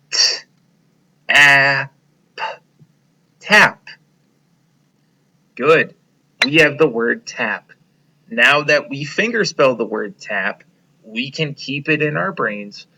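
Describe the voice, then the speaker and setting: A man leads young children through a reading lesson, slow and encouraging as he takes them step by step. His voice is bright and clear, though the audio is a little dull and lo-fi. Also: mid-range voice. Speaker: teacher.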